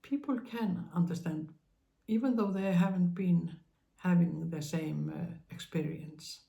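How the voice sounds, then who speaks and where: A woman with a lowish, gravelly voice hosts her own spiritual channel. She offers tender reassurance to listeners in a gentle, halting monologue full of pauses and fillers.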